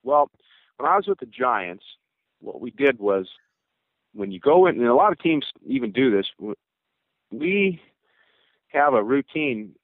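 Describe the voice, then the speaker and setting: A former pro baseball player, now an older man, appears as a guest on a cell phone whose thin, dry line has phone-quality sound and no room tone. His mid-range voice is very animated yet a little slow, with long pauses, as he rambles through stories in a casual interview, laughing and joking.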